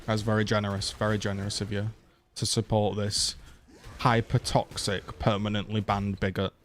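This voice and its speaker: Low-voiced young man streaming games casually. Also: monotone, a little fast, a little hiss or hum. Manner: laid-back, swears a lot, thanks viewers for donations. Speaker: game streamer. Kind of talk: casual live-stream chat.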